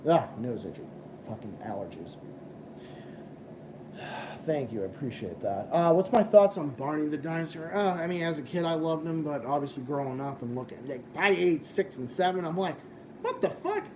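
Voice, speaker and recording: A man's voice: a little high, expressive, moderate pace, darkish tone, a little hiss or hum. A young man hosting a live stream, ranting and swearing as he chats with viewers. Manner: profane, ranting, combative. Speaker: livestream host. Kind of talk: casual live-stream chat.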